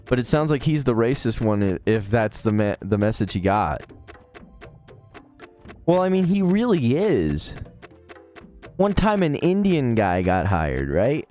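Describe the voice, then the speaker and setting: A man's voice: medium pitch, big pitch swings, a little slow, long pauses, mellow, faint music behind. A man telling rambling, profane anecdotes in casual chat on a live stream, with chuckles along the way.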